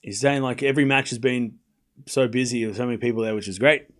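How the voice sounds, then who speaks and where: A livestream watchalong host with a mid-range voice talks fast, chatting casually with his chat. He rambles, with frequent fillers and restarts.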